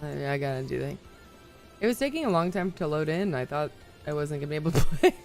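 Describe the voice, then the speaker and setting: Gravelly-voiced woman streamer, chatty. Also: deep voice, animated, quick pace, a little mellow, soft background music. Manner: chatty, laughs often, greets viewers. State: slightly hoarse, voice recovering. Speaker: livestream host. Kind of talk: casual live-stream chat.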